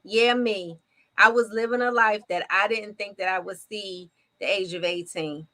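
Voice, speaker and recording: A woman's voice: medium pitch, fairly even intonation, moderate pace. A woman in her fifties co-hosting a faith talk show, sharing her testimony and encouraging listeners. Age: 50s. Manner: warm testimony, preachy encouragement. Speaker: co-host. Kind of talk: faith-based casual talk.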